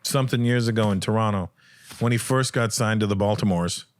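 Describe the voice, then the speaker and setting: A man's voice: on the low side, fairly quick. A middle-aged man hosting a casual chat, who tells anecdotes and acts out the voices in them. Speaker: podcast host and comedian.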